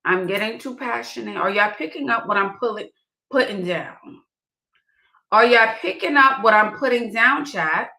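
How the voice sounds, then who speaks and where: A woman's voice: a little high, animated, moderate pace, creaky, pushed and bright. A woman giving casual dating advice to her viewers, emphatic and repeating her key points. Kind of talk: casual direct-to-camera advice. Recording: roomy echo.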